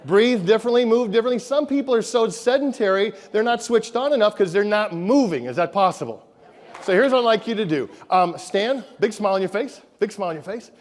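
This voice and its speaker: A man with a high voice delivers a motivational keynote in a large hall. His words ring with long reverb. He talks in punchy, repeated phrases and keeps questioning the crowd. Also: expressive, brisk. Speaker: motivational speaker. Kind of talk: high-energy keynote speech to a live audience. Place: large conference room with an audience.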